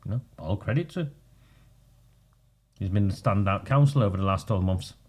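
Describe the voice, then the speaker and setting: A man's voice: fairly low pitch, a little fast, a little mellow, breathy edge. A man, a local campaigner talking bluntly and combatively in a casual video.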